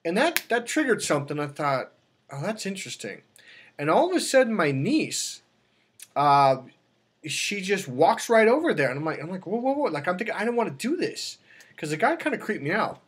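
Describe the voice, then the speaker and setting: A man coaching on dating, telling a long personal story in a casual way and acting out the people in it with sudden high exclamations. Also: moderate pace, breathy edge. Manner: animated, acts out quotes with sudden high exclamations.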